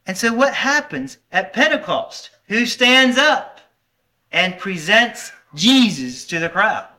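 A man's voice: sits high, sing-song, slow pace, sharp tone. A man preaching a sermon, earnestly putting questions to his congregation and sometimes stopping to correct himself. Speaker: pastor.

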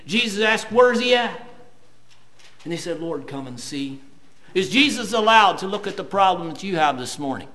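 High, lively-voiced male preacher. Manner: reads scripture slowly, then rises to loud emphatic preaching. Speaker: pastor. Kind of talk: sermon.

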